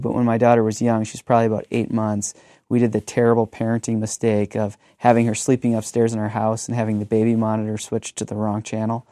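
Earnest man with a mellow voice. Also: on the low side, no echo, studio quality. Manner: earnest, storytelling, frequent "um". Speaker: pastor and teacher. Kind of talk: conversational reflection on ministry.

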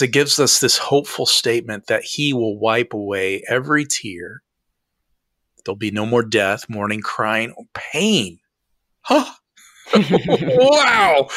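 A man's voice: medium pitch, bright, forceful tone, dry recording, clean studio sound. A man who is a pastor leading a scripture discussion in a reflective, affirming way and asking his co-host questions.

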